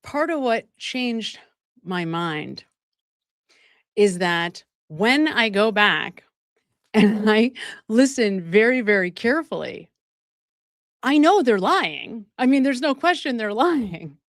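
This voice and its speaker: A woman's voice: on the high side, takes it slowly, pauses often, no echo, clean studio sound. A woman hosting a live stream of true crime commentary, talking straight to her viewers with emphatic asides and frequent laughs. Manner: animated and emphatic, laughing often mid-sentence. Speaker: livestream host.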